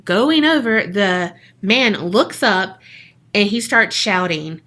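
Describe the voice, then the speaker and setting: A woman's voice: mid-range voice, expressive, takes it slowly, fairly bright tone. A woman, co-hosting a podcast and telling a story in a casual, jokey way that is full of swearing. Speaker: podcast co-host.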